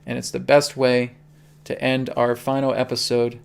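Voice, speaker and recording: A man's voice: medium pitch, completely flat delivery, moderate pace, gravelly, clear, resonant tone. A man hosting a spiritual livestream, teaching in an earnest, pleading way and checking in often with his listeners.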